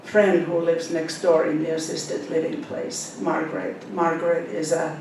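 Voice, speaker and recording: A woman in her seventies with a Finnish accent, a Finnish speaker, reading her own novel aloud in an unhurried way with soft fillers, then talking about her characters. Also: little pitch movement. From Finland. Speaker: author. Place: library event hall. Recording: echoey hall, speaker far from the mic, faint rumble.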